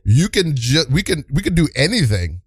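A man's voice: a little high, big pitch swings, normal speed, slightly rough, no room sound, clean studio sound. Encouraging man hosting an improv show. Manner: encouraging, repeats himself. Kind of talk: casual radio chat.

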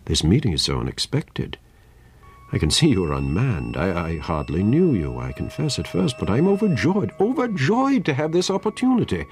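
A man voicing a wealthy older doctor who talks in a smooth, hurried, placating way. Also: deep voice, huge pitch swings, full character voice.

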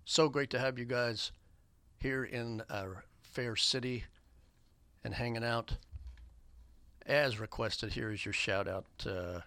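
A man hosting a community radio show, giving rambling shout-outs and station announcements with lots of fillers in an upbeat way. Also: medium pitch, slow, long pauses, dry recording. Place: radio studio. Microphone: studio microphone.

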